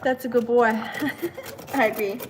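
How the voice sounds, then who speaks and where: A woman's voice: on the high side, steady tone, a little slow, low-quality recording. A woman chatting casually on a live stream while she cooks at home, talking to her dog and reading out comments from viewers. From learned British English. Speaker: livestream host. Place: home kitchen. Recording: clear kitchen background noise. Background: kitchen clatter of dishes and pots.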